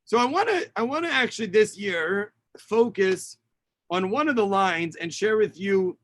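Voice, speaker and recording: An animated rabbi with a high voice talks at normal speed, and there's no room sound. Over a video call mic at home, he reads Hebrew lines of the Tisha B'Av kinot aloud, explains and translates them, and uses lots of fillers.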